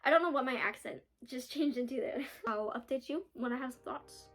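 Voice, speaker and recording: A woman's voice: sits high, a little fast, fairly bright tone, soft background music. A young woman chatting casually in a reading vlog, bubbly and giggly, with lots of filler words. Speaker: book vlogger.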